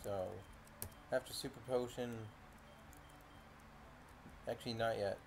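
A man's voice: mid-range voice, steady tone, slow pace, slight background noise. A young man casually commenting on his own gameplay, reacting aloud and swearing often. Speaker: gaming video host. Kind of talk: casual let's-play commentary.

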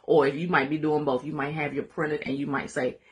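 A woman teaches a live Bible study with lively call-and-response energy. Her voice sits a little low, then leaps high when she gets excited, and she laughs and talks straight to her viewers. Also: brisk.

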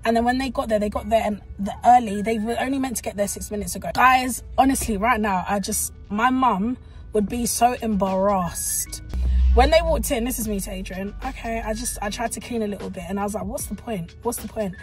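Young woman vlogging, animated storyteller, faint music behind. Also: mid-range voice, a little fast. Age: young adult. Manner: animated storytelling, exclaims often. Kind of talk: casual vlog to camera.

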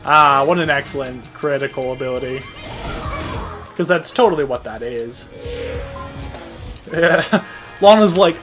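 A gameplay commentator talking casually over a video game, excitable and sarcastic, often breaking into laughter. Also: mid-range voice, measured pace, long pauses, over music. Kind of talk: casual let's-play commentary.

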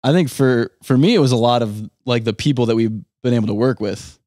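Man, band guest, easygoing, enthusiastic, mid pitch, dry mic. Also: a little fast, a little mellow, no room sound. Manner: easygoing, enthusiastic, casual swearing. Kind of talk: casual interview chat.

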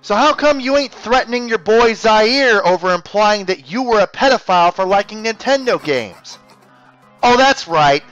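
Mocking high-pitched man, lo-fi narration. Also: fairly bright tone. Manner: sarcastic, combative, mocking. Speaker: YouTube commentator. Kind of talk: scripted exposé narration.

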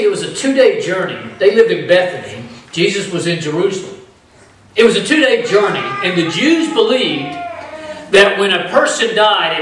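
A man preaching a sermon as pastor, with animated delivery that acts out the voices of the people in his story. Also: high voice, a little hiss or hum. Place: church sanctuary. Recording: echoey church from far off.

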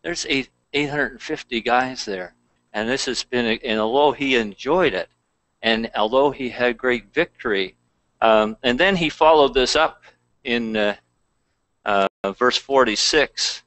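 A man's voice: mid-range voice, measured pace, a bit bright, no room sound, low-quality recording. A man pastor preaching a conversational sermon, reading scripture aloud between plain asides.

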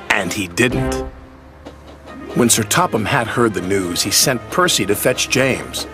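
Guy reading a kids train story, really lively, music going in the back. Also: on the low side, a little slow. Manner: animated reading. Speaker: narrator. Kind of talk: storybook narration. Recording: music playing behind.

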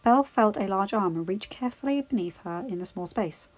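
A woman narrating a fanfiction story in an even, measured reading voice. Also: mid-range voice. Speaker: fanfiction reader. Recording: dull lo-fi, dry.

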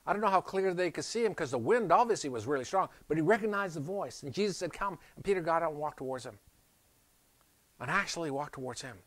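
A man preaching a sermon as a pastor, animated and emphatic, moving between loud stresses and quiet asides as he tells a story and asks questions. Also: fairly high pitch, dry recording.

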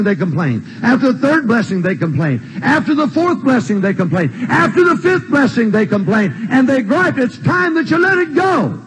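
High-pitched, emphatic preacher man. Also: breathy edge, poor audio. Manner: emphatic, repetitive preaching with shouted refrains. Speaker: pastor. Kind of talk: sermon. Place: church sanctuary.

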